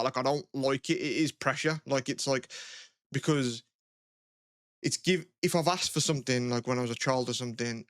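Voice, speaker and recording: A man's voice: medium pitch, clean tone, no room sound, studio quality. A man co-hosting a podcast in casual chat, rambling, with a lot of "like" and swearing. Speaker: podcast co-host.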